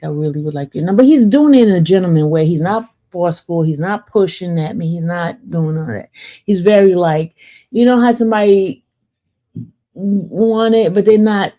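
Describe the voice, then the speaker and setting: A woman's voice: on the low side, highs cut off. Chatty woman telling a story. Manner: chatty, animated, often asks "right?" and addresses "y'all". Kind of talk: casual storytelling to viewers.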